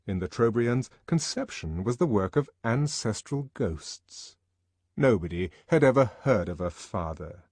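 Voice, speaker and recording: A man narrating an audiobook with an expressive, varied delivery. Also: fairly low pitch, a little slow, no echo. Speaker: audiobook reader.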